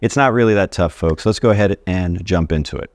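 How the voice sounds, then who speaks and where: A man with a low voice gives a casual video lesson on Spanish grammar and talks straight to his viewers in a friendly, chatty way. The sound is dry and close, with no room in it. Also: fairly quick, no echo. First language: English. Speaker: Spanish teacher.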